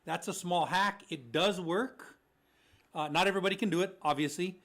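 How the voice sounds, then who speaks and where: High-voiced joking man answering mortgage questions. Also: moderate pace, a bit bright. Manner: joking, puts on voices for lenders. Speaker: mortgage podcast co-host. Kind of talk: casual chat answering listener questions.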